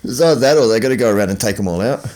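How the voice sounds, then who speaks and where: A man's voice: medium pitch, expressive, rapid-fire, darkish tone, low-quality recording. A man, co-hosting a podcast in casual, rambling chat, swearing freely and acting out stories. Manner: rambling, swears freely, acts out phone calls. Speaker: podcast co-host.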